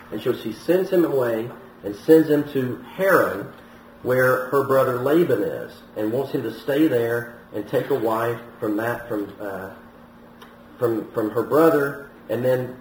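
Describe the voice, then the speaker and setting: A man with a medium-pitched, slightly mellow voice preaches a sermon, retelling a scripture story like a storyteller, with some restarts and his voice rising on the quoted lines. The recording is roomy and distant, with faint noise.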